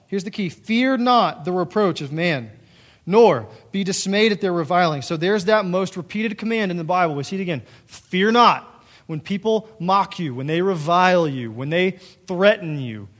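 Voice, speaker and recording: Young male pastor, higher voice, lively conversational sermon with rhetorical questions.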